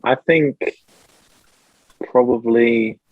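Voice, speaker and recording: Young nz bloke, bit husky, dry close mic, keeps cracking up mid story. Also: male voice, mid-range voice, fairly even intonation, very slow, dry recording, narrow, tinny audio. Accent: New Zealand. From New Zealand. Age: young adult. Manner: laughs often while telling stories. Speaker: podcast guest. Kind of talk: casual chat.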